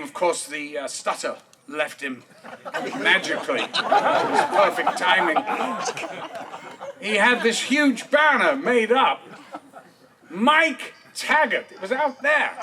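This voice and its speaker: A man giving a eulogy at an outdoor park memorial, telling comic anecdotes and chuckling often as he talks. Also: high-pitched. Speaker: speaker at a memorial service. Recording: distant mic with clear background noise.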